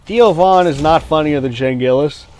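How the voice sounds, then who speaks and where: A man's voice: on the high side, normal speed, a little mellow, slight background noise. A man livestreaming a game, chatting casually and rambling between reactions to the play. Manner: rambling, many fillers and restarts, reacts to gameplay. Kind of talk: casual chat while gaming.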